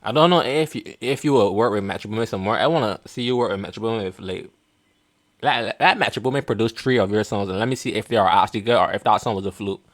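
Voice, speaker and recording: A man's voice: on the low side, quick pace. A young man hosting a reaction video, mocking and blunt in casual commentary, often laughing at what he watches.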